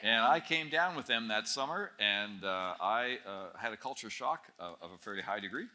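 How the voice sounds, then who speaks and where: A man's voice: on the low side, expressive, normal speed, background noise. A Canadian man in his late fifties, a guest speaker telling a story at a student camp, wry and self-mocking, with many hesitations. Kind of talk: storytelling talk.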